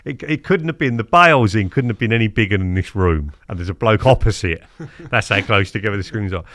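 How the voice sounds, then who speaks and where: A man in his fifties, telling stories as a podcast guest in a lively, chatty way, acting out what people said. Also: lowish voice, fast, no room sound, clean studio sound. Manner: animated, acts out quotes, keeps asking "do you know what I mean?". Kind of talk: casual storytelling interview.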